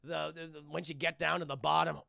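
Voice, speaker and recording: A loud, stammering government agent lectures about threats and security, as a man acts him out. The voice is deeply gravelly and forceful. The sound is dry and close. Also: little pitch movement, brisk, no echo, full character voice. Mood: ranting. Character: pushy paranoid male government agent, adult.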